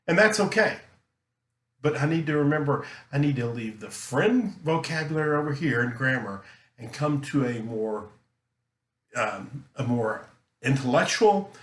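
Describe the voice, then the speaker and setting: A man teaching a recorded lesson, talking earnestly and emphatically, deliberately slowing his delivery. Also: medium pitch, fairly bright tone. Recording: roomy echo.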